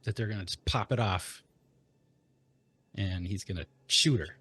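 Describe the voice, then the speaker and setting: A man's voice: lowish voice, a little slow, bright, forceful tone, breathy edge, no echo. A man playing a tabletop game, explaining his character's plan in a matter-of-fact way. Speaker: player.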